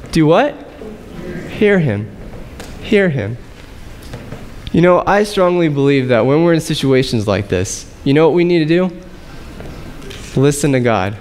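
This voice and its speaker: A man's voice: sits high, long reverb tail. A man preaching a sermon as pastor, reading scripture and talking to the congregation in a conversational way, asking them questions. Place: church sanctuary.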